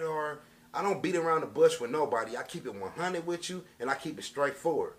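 A man's voice: on the high side, animated, fairly quick, fairly bright tone. A man telling a story to camera as a casual rant, with streetwise slang and emphatic delivery. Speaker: vlogger.

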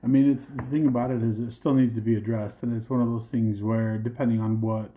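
A man's voice: medium pitch, little pitch movement, a little fast, highs cut off. A man co-hosting a podcast in casual chat, agreeable and often chiming in. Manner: agreeable, frequent backchannel. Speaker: co-host, husband.

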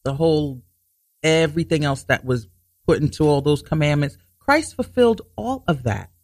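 A man hosting a Bible teaching talk show, explaining scripture earnestly, restarting sentences to stress his points and reading verses slowly. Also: a little high, expressive, dry recording, studio quality. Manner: reads scripture slowly and deliberately.

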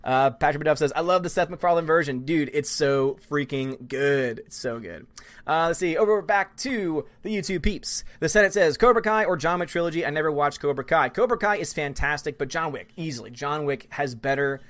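A man hosting a live stream, reading viewer comments aloud and chatting about films in a fast, gushing, excitable way. He is a student who also does musical theater. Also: on the high side. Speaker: livestream host reading chat. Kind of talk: casual live-stream chat.

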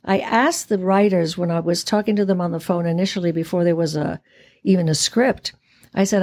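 A woman's voice: lowish voice, steady tone, a little fast, darkish tone. A woman in her eighties, a guest actress chatting in an interview in a theatrical way, often laughing. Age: 80s. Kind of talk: casual interview chat.

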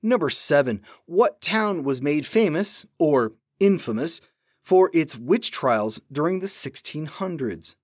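A man's voice: a little high, unhurried, dry recording, clean studio sound. A man hosting a trivia podcast, reading questions in a playful manner. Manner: animated, playful. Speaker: podcast host, trivia quizmaster.

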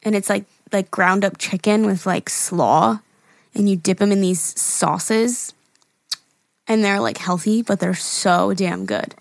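A woman's voice: medium pitch, measured pace, vocal fry, no room sound. Chatty young woman, dry sound. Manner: chatty, lots of fillers and laughs. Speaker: podcast co-host. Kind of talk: casual chat.

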